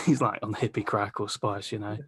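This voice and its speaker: A man's voice: fairly low pitch, fairly even intonation, normal speed, husky. A man hosting a podcast, telling a long rambling story in casual chat, swearing freely and laughing mid-sentence. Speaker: podcast host.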